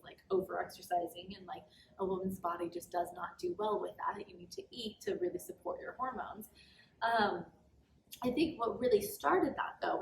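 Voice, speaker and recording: Woman, young adult, podcast guest, candid storytelling, chatty, faint background hiss. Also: medium pitch. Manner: candid, chatty, heavy use of "like". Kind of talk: casual personal storytelling. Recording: roomy sound, mic at a distance.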